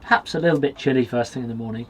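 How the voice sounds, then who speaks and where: A man from Britain vlogging from a small wood cabin with a stove, chatting in a relaxed way and talking straight to his viewers. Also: medium pitch, very fast, husky. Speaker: outdoors vlogger. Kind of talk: casual vlog to camera.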